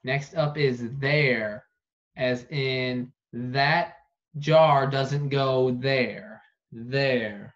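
A man teaching an online phonics lesson, saying each word slowly and repeating it for dictation. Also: medium pitch, steady tone, a bit bright. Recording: dull lo-fi recording.

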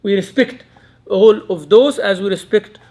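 This man teaches a Quran class, speaking in an unhurried but animated way with a high voice. A native Arabic speaker and Islamic lecturer, he laughs a lot and mixes plenty of Arabic into his English, all from a restaurant meeting room.

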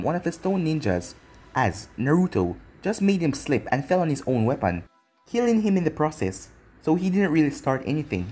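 Man, husky voice, lively pitch, fan fiction narration, run-on sentences, faint music behind. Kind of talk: storybook narration.

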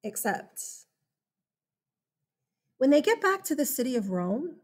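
Her voice sits high, carries a slight lisp, and moves at a measured pace. As a history teacher giving a lively, chatty classroom lecture, she often stops to ask "okay?"

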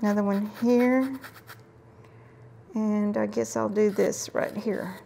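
A woman's voice: mid-range voice, steady tone, slow, vocal fry, slight background noise. A middle-aged woman hosting a casual crafting tutorial, chatting while she works and murmuring to herself at times. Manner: chatty, warm asides while working, drifts into murmurs. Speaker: craft video host.

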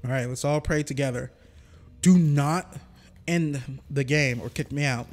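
A man's voice: mid-range voice, a little slow, a little mellow, soft background music. A young man casually commenting on his gameplay as a streamer, joking and talking to the game. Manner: chatty, jokey, talks to the game.

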